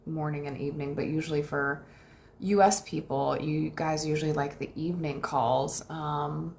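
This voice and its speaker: Chatty woman with a lowish voice. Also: steady tone, moderate pace, gravelly, a little hiss or hum. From United States. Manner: warm, chatty, thanks viewers often, laughs lightly. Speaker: manifestation coach hosting a livestream. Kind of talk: casual livestream chat reading viewer comments.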